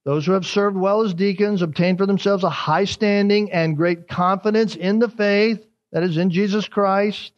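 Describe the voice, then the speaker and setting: A male pastor preaches verse by verse and leans on repetition to drive each word home. His voice sits a little high for a man. The recording is dull and lo-fi, with muffled highs. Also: fairly even intonation, moderate pace, hardly any pauses. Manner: emphatic, repeats key words for emphasis. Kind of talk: expository sermon.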